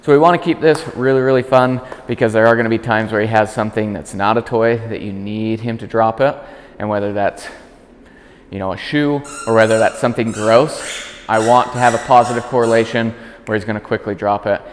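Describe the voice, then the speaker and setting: Calm low-voiced man teaching dog training. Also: a little fast, long reverb tail, slight background noise. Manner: calm explaining, high-pitched praise to the dog. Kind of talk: instructional demonstration.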